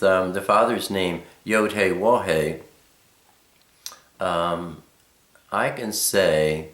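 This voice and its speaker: Slow low-voiced guy teaching, lots of ums, kinda echoey room. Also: a bit bright. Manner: halting, many ums and uhs; slow, thoughtful explanation. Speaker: Bible teacher. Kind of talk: explaining letters and names.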